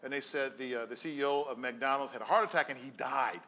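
A man preaching a sermon as pastor, telling stories and swinging between hushed, low passages and emphatic calls to the congregation. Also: quick pace.

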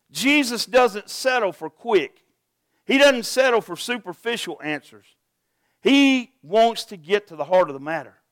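A man's voice: high-pitched, fairly bright tone, no room sound. A pastor preaching a sermon to his congregation, earnest and asking them direct questions.

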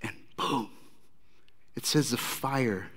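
A man preaching a sermon in a conversational, animated storytelling way. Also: medium pitch, slow pace. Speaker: pastor.

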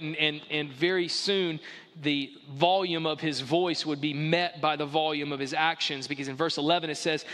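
A pastor preaching a sermon in an emphatic, conversational way, often saying "like", in a church. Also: male voice, fairly high pitch, bright, forceful tone. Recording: echoey hall.

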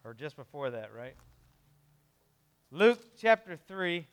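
A man preaching a sermon in a conversational way, with quick asides, moving between quiet, low passages and emphatic ones. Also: very animated, smooth. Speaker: pastor.

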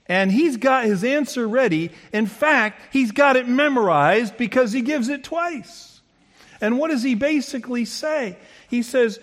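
Male preacher, higher than usual pitch, dramatic delivery, voices the quoted speakers. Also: animated, measured pace. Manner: dramatic, acts out quotes with big swings in pitch and loudness. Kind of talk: sermon.

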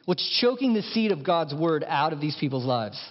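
A man preaching a sermon as pastor, impassioned, dropping to hushed lines and rising to emphatic ones. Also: on the high side, very animated, moderate pace. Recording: dull sound in a large reverberant hall.

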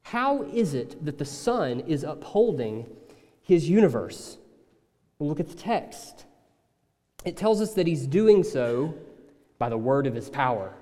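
A man preaching a sermon in a conversational, animated way, slipping into acted asides. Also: fairly high pitch, unhurried, long pauses, in a large hall. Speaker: pastor.

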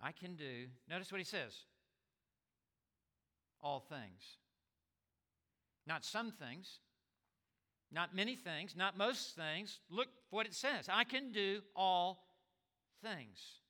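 Emphatic high-voiced preacher in a hall. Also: male voice, expressive, slow, pauses often, sharp tone. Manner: emphatic, repeats and stresses words, stammers on restarts. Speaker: pastor. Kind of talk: sermon. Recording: long reverb of a large hall.

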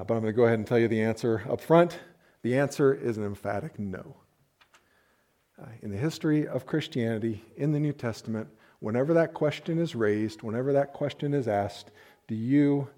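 A man's voice: mid-range voice, dark tone. A man, a pastor, preaching a sermon in a conversational way with playful asides. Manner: conversational, uses playful asides and acted-out quotes.

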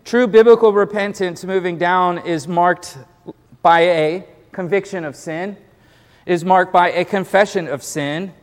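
A man delivers a sermon in a relaxed, talky style, doubling words as he presses each point. His voice sits a little high for a man. The recording carries a long reverb from a large sanctuary. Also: a little slow. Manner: conversational preaching, repeats words, acts out quoted excuses. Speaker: pastor.

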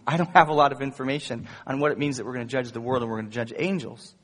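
A male pastor preaching a sermon in an animated way, rising into emphatic quotes. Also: mid-range voice, rapid-fire. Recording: echoey hall, long reverb.

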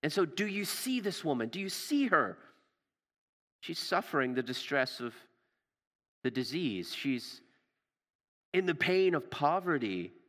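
A man preaching a sermon with passion, repeating words and dropping to a hush for emphasis, recorded in a church. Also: on the high side, sing-song, unhurried, pauses often. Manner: impassioned, repeats words, drops to hushed emphasis. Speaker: pastor. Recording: long reverb of a large hall.

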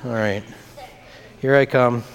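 A pastor leads the children's message slowly, his medium-pitched voice fairly even in intonation as he talks with the kids in a simple, playful way. The recording carries the long reverb of the church sanctuary.

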